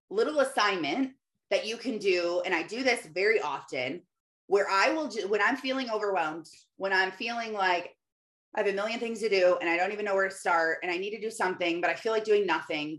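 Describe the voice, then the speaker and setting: A woman's voice: medium pitch, a bit bright. A woman in her thirties giving a casual, earnest faith-based encouragement talk, laughing often and quoting scripture. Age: 30s.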